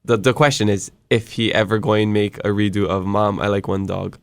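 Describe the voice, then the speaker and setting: A man's voice: lowish voice, flat delivery, moderate pace, gravelly, no room sound. A man hosting a podcast, friendly and affirming, reading listener questions and laughing a lot. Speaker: podcast host. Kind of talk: casual interview chat.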